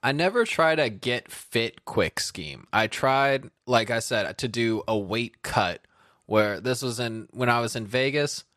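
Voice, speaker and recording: A man's voice: medium pitch, animated, unhurried, fairly bright tone, dry recording. Rambling self-mocking man, dry close sound. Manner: rambling, self-deprecating storyteller. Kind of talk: casual chat.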